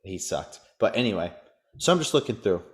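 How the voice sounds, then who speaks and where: A man's voice: lowish voice, big pitch swings, a little fast. A man hosting a casual sports podcast, ranting and cracking crude jokes. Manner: crude, joking rants. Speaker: podcast host.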